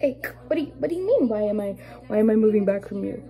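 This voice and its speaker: A young adult woman vlogger telling a story in a casual, animated and indignant way while doing her makeup at home, with lots of fillers. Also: mid-range voice, fast talker, poor audio.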